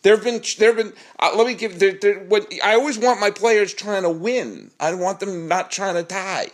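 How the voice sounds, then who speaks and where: A man co-hosting a podcast, chatting casually with a teasing, rambling manner and lots of halting restarts. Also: high-pitched. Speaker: podcast co-host. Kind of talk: casual chat.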